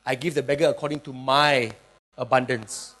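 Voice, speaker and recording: A grand ancient conqueror voiced by a man, speaking slowly and solemnly with a dropped, weighty tone. The delivery is measured and stately, without hurry. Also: medium pitch, steady tone, a bit bright, pitched below the performer's own voice, close to an everyday voice.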